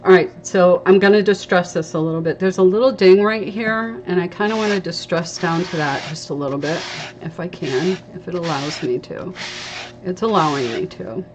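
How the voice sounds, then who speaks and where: A woman's voice: lowish voice, normal speed. A woman hosting a live crafting stream, chatting casually and explaining each step as she sands a piece. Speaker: craft livestream host. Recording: dull lo-fi livestream audio with faint hiss.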